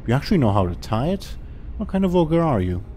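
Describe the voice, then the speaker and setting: A man's voice: on the high side, sing-song, fairly quick, dark tone, a little hiss or hum, pitched above the performer's own voice. A man voicing an impatient, brusque woman jailer who barks curt orders.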